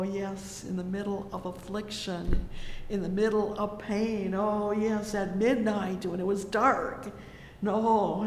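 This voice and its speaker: Fervent preacher, unhurried sermon delivery, swells on exclamations; recorded in a long-reverb hall. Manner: fervent, peppered with "oh, yes" and "praise the Lord". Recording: echoey hall with faint rumble.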